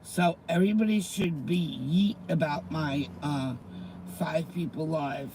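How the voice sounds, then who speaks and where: A man's voice: on the high side, measured pace, background noise. A middle-aged man hosting a casual livestream, chatting with viewers, greeting them by name and reading slang terms aloud. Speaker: livestream host.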